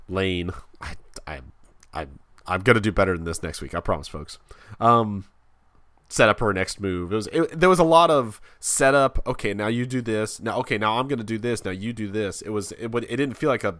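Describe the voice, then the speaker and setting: A man hosting a casual wrestling podcast, rambling and halting with frequent restarts. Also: on the low side, fairly bright tone, no room sound. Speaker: podcast host.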